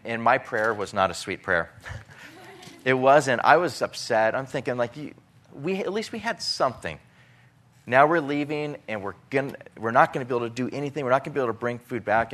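A man's voice: fairly low pitch, fairly bright tone. A middle-aged man telling an emotional personal testimony about relief work, with many restarts and acted-out dialogue.

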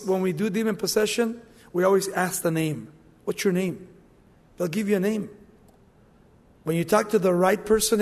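A man preaching a sermon, dramatic and animated, acting out the voices in the passages he quotes. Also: high-pitched, big-room sound.

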